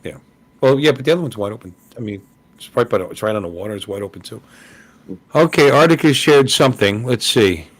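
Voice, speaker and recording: Man, live-stream host, chatty, casual, stumbling repeats, middle pitch. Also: expressive, fast talker. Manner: chatty, greets viewers, repeats himself when thinking. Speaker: host of a live hangout show. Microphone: live stream call.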